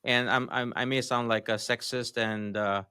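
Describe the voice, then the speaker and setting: Male guest, lowish bright voice, halting matter-of-fact advice, dry close sound. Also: steady tone, clear, resonant tone, dry recording. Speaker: podcast guest, marketing consultant. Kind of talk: casual podcast interview.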